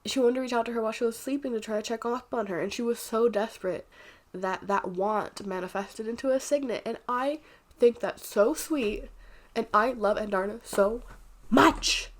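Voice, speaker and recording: A woman's voice: on the high side, moderate pace. A congested, sniffly woman giving a chatty, rambling and candid casual book review.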